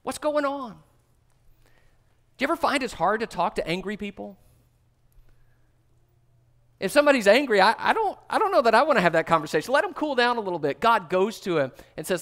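A man delivers a sermon in a fairly high voice. He talks earnestly to his listeners. For emphasis he sinks to a hushed, soft tone. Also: sing-song, a little fast. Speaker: pastor.

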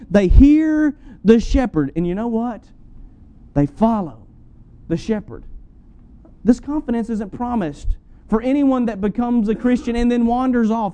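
A man's voice: high voice, mellow. A man preaching a sermon, teaching earnestly and repeating phrases for emphasis.

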